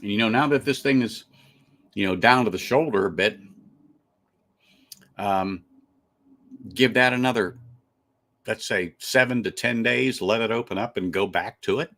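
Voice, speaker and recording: A man's voice: fairly low pitch, a little slow, long pauses, a bit bright. A man hosting a live stream, reviewing a whiskey in casual, chatty talk full of restarts and fillers.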